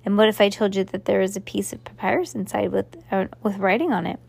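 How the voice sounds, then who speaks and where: A woman's voice: medium pitch, quick pace, gravelly, darkish tone, husky. A woman reading aloud, voicing a worried, secretive young girl in an earnest tone in a storybook.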